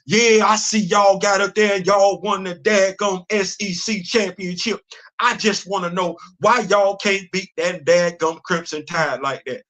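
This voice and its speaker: A man voicing a country-accented male sports talker with a slow, mocking drawl. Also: high-pitched, fairly even intonation, fairly bright tone.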